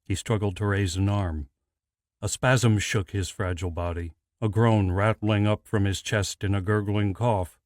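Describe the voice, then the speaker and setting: A man narrating a fantasy audiobook in a measured, deliberate scripted read. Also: on the low side, fairly even intonation, a little mellow, no echo, studio quality.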